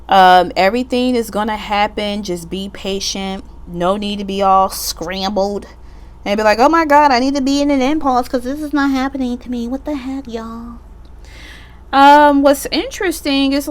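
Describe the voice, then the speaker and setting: A woman's voice: mid-range voice, clean tone. A woman giving a casual pick-a-card tarot reading, chatty and slangy, joking about herself and swearing offhandedly. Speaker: tarot reader.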